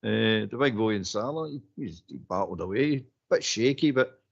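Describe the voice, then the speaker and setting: Husky Scottish man ranting, voice rising. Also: on the low side, lively intonation, normal speed. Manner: exasperated, repeats his words, laughs while he talks. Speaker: co-host. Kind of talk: football phone-in chat. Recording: dull lo-fi audio.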